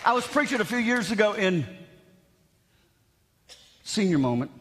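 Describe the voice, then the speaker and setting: A man preaching a revival sermon, shouting with animated, self-mocking humor in a large church. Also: high-pitched, normal speed. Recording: long hall reverb in church.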